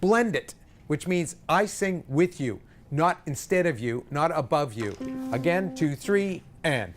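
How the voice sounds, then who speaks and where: A man's voice: on the high side, expressive, measured pace, faint music behind. A man leading a choir rehearsal, counting in and singing short examples with energy. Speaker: choir director. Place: rehearsal room.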